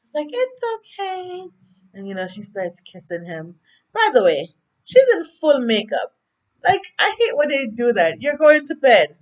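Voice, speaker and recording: A woman's voice: fairly high pitch, sing-song, moderate pace. A woman with a Jamaican accent, casually recapping a TV episode, chatty and prone to tangents, acting out the characters' lines. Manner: chatty, rambling, goes off on tangents; acts out characters' lines while retelling. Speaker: TV recap vlogger.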